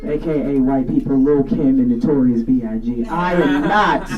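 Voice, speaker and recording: A woman's voice: extremely low pitch, moderate pace, muffled recording, a crowd in the background. A woman doing a brash, profane stand-up set at a live show. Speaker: stand-up comedian. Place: live studio show in a garage. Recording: distant stage mic, loud audience.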